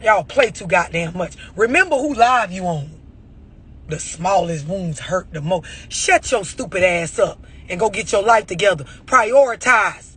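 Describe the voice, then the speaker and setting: Blunt, high-voiced ranting man. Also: lively intonation, a little slow, fairly bright tone, slightly rough. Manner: blunt, preachy, heavy on rhetorical questions. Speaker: motivational speaker. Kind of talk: profane motivational rant.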